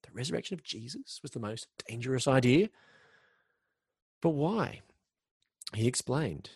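A man preaching a sermon in an earnest way, slowing down to stress key words. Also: mid-range voice, expressive, darkish tone, slightly rough, no echo, clean studio sound. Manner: earnest, slows down for emphasis, occasional restarts.

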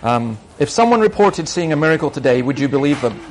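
A man's voice: a little high, animated, quick pace, a little hiss or hum. Emphatic middle-aged male minister. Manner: emphatic, argumentative, anecdotal. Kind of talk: answering audience questions.

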